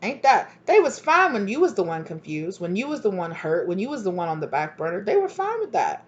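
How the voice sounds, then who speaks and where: A woman giving a casual tarot reading, animated and blunt, who swears freely and acts out both sides of an argument in sudden high voices. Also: a little fast. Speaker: tarot reader. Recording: dull lo-fi recording.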